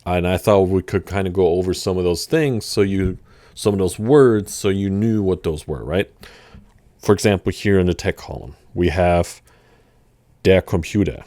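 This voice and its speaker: A man giving a relaxed, chatty language lesson, with fillers and restarts. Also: low voice, moderate pace, dry recording. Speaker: language teacher. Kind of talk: casual vocabulary lesson.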